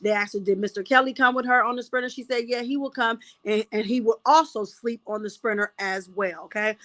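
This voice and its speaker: A woman's voice: medium pitch, fairly bright tone, dry recording. Chatty woman recapping notes, dry sound. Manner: reads notes aloud, restarts often, chatty asides. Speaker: commentator recapping courtroom testimony. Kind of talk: casual live recap.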